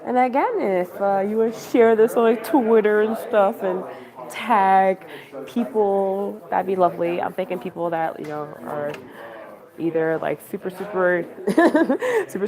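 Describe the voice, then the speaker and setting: A woman livestreaming on her phone from a campaign office, chatting casually and rambling with lots of fillers. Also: on the low side. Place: busy campaign office indoors. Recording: crowd chatter behind.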